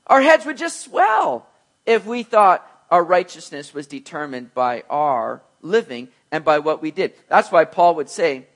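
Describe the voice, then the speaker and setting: A man preaching a sermon in an animated way, often repeating words and acting out imagined voices. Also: sits high.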